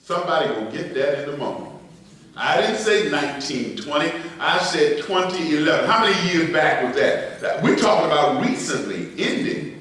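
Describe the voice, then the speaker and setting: A middle-aged pastor preaching a sermon, swinging between loud emphasis and quiet asides. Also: male voice, fairly high pitch, animated, normal speed. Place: church sanctuary. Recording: echoey church, voice from a distance.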